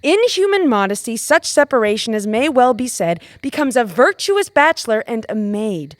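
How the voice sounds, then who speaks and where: A woman's voice: on the high side, very animated, normal speed, no room sound, studio quality. An actress playing a modest young noblewoman in a college stage play, earnest and pleading. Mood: tender.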